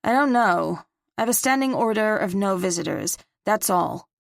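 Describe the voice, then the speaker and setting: A man's voice: high-pitched, animated, normal speed, gravelly, fairly bright tone, dry recording, studio quality, heavily acted. Woman reading as a surly young guard. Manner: blunt, clipped, dismissive. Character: young burly male security guard, surly and curt. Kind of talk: audiobook character reading.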